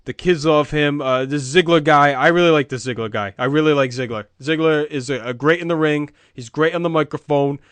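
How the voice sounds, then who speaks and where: A man playing a deadpan, know-it-all sports pundit who keeps repeating the same opinion. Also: fairly high pitch, fairly quick, hardly any pauses, clear, resonant tone, dry recording, lightly acted. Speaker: podcast co-host in comedy bit. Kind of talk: comedic sports-talk parody.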